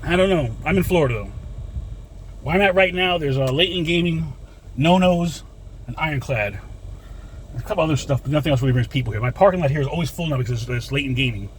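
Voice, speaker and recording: Fast-talking man rambling outdoors. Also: fairly high pitch, expressive, a little hiss or hum, poor audio. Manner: rambling, talkative, addresses viewers as folks. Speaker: vlogger. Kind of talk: casual rant to camera.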